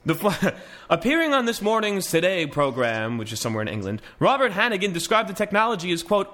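Man, podcast host, casual news commentary, wry asides, restarts, lively swooping pitch, bright tone. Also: brisk. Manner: reads articles aloud with wry asides and frequent restarts.

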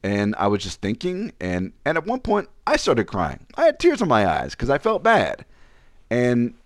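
A man's voice: medium pitch, huge pitch swings, normal speed, dry recording, clean studio sound. A man hosting a podcast, telling a personal story in casual chat, self-mocking and laughing often. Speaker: podcast host.

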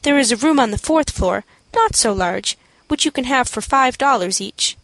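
A woman's voice: fairly high pitch, animated, moderate pace, a bit bright, dry recording, rough recording. A woman reading the part of a tall, thin, businesslike landlady who asks polite, matter-of-fact questions.

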